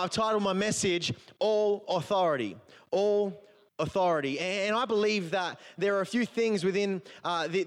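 A man preaching a sermon, telling a personal story in a conversational, humorous way. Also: high-pitched. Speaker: pastor.

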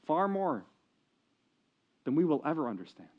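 A man's voice: fairly high pitch, sing-song, normal speed, long pauses. A man preaching a sermon at a church service, telling a story earnestly, in a dull lo-fi recording. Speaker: pastor. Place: church service, streamed online.

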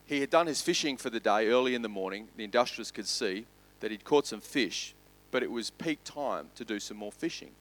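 A male pastor preaching a sermon, swinging from loud to hushed. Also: on the low side, lively intonation, fairly quick, hardly any pauses, low-quality recording.

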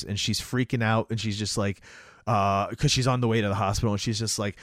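A man co-hosting a casual talk show, retelling a film scene by scene with lots of fillers and quick acted-out lines. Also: medium pitch, dry recording, studio quality. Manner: animated retelling, acts out lines, many fillers. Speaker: podcast co-host recapping a movie. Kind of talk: casual chat.

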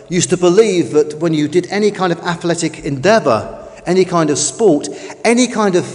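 Man, high-pitched preacher, emphatic sermon delivery, echoing hall. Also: a little mellow. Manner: emphatic, with slow drawn-out stresses. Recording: long reverb of a large hall.

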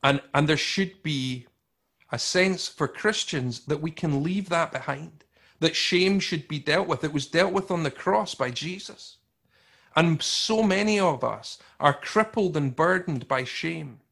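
A man preaching with a slightly raised pitch, loud and emphatic one moment and hushed and slow the next. He talks to his congregation conversationally and often repeats or restarts his words. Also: creaky. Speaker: pastor. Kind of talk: sermon.

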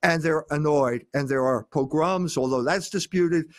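A man's voice: a little high, moderate pace, no echo, clean studio sound. Emphatic older man lecturing on history. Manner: emphatic, with frequent uh fillers.

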